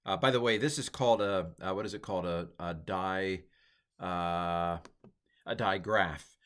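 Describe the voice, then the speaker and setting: A man's voice: low voice, unhurried, a bit bright, clear, resonant tone. A middle-aged man giving an informal lecture, rambling and self-deprecating with many fillers and restarts. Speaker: teacher.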